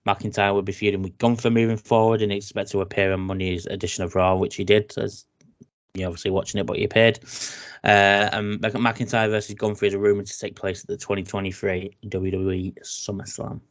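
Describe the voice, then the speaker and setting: A man with an English accent hosts a casual chat show and reads news items aloud. His voice sits fairly low, and he stumbles into restarts and filler words as he goes. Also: little pitch movement, brisk. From England. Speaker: podcast host.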